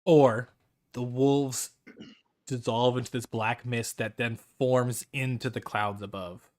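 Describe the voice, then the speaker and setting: A man narrating a tabletop game as game master, in a loose, halting way full of fillers and restarts. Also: mid-range voice, fairly even intonation, darkish tone. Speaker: dungeon master.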